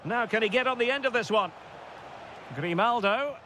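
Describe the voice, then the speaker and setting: A man giving play-by-play football game commentary, shouting on goals and calm between plays. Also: very high-pitched, normal speed, a little hiss or hum.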